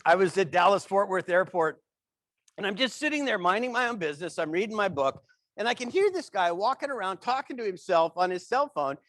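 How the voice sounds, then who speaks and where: A man giving a humorous keynote talk, telling anecdotes with an animated, playful delivery. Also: high-pitched, brisk, no echo. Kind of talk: comic keynote storytelling.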